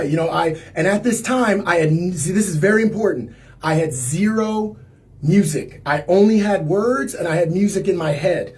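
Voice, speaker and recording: A man's voice: high voice, normal speed, darkish tone. A man, a singer-songwriter, telling a personal story on a livestream in a loose, rambling way, full of filler words and restarts.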